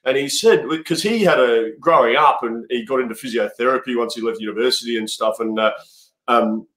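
An Australian man, a cricket coach, talking as a guest in a casual interview and telling stories in a halting way with many restarts. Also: mid-range voice, fairly bright tone. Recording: roomy echo.

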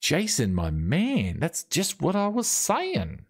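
A man giving jokey, excitable live commentary as a game streamer, joking with chat and swearing now and then. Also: on the high side, slow, breathy edge. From Australia.

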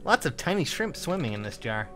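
A young man playing a video game with friends, reading its text aloud in halting starts and joking around. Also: medium pitch, very animated. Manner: reads on-screen text in halting starts, playful. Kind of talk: casual lets-play commentary with joking character voices. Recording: faint game music behind.

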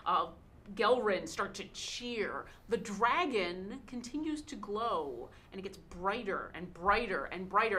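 A woman's voice: mid-range voice, bright, forceful tone. A woman narrating as game master in a tabletop role-playing game, with descriptive storytelling and fillers.

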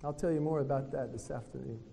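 A man giving a retreat talk in a preaching style, telling lively stories and acting out what other people said. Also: medium pitch, fast, vocal fry, breathy edge. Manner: lively storytelling that acts out other people's words. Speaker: retreat speaker. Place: hotel conference room. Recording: long reverb of a hotel meeting hall.

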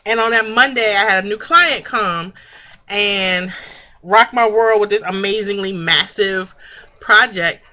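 Brief: bright, sharp-toned woman vlogger, sassy and foul-mouthed, casual review. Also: mid-range voice, unhurried. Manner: sassy, profane, chatty, laughs often. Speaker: reality-TV reviewer.

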